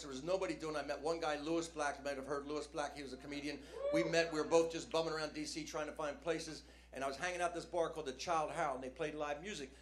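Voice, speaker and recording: A man's voice: on the high side, roomy sound. An older man from New Jersey telling stand-up stories on a comedy club stage, talking casually with lots of "man" and "you know", sometimes acting out announcers and crowds. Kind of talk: stand-up storytelling. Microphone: handheld stage mic. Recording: live club recording, faint crowd ambience.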